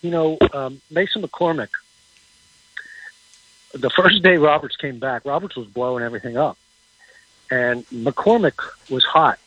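A man giving casual football insight as a radio guest, halting and repeating words as he talks. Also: medium pitch, fairly bright tone, husky, no echo, dull audio. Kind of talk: casual sports talk on radio.

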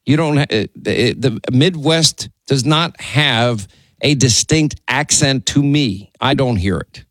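A man hosting a call-in radio show, chatty, tired after a long week, stumbling into quick restarts. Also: medium pitch, fairly bright tone, no room sound. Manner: rapid, stammering restarts, chatty. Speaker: radio talk show host. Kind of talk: casual call-in chat.

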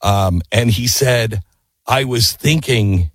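A male radio host telling a story in a casual, animated way, full of mock-incredulous asides, then reading ads. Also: mid-range voice, a little slow, no room sound.

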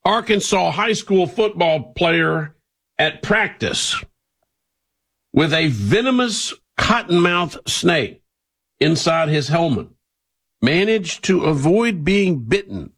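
A man's voice: a little high, lively intonation, takes it slowly, fairly bright tone, slightly rough. A man presenting a news story, reading it dryly with his own asides.

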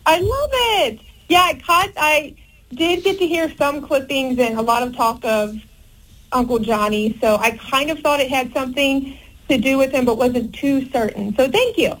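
A woman's voice: high voice, moderate pace, fairly bright tone, low-quality recording. A woman from Cincinnati calling in to a radio show, eagerly asking the hosts questions. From Cincinnati, USA. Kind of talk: casual phone-in chat.

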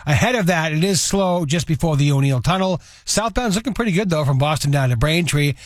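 A man giving a radio traffic report in a rapid, matter-of-fact rundown. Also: fairly high pitch, expressive, no echo, studio quality.

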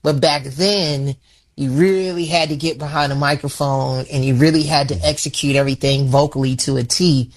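A man in his forties from Chicago, a singer talking casually in an interview, animated and often restarting his sentences. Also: fairly high pitch, normal speed. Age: 40s. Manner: animated, repeats words when starting sentences. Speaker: singer guest.

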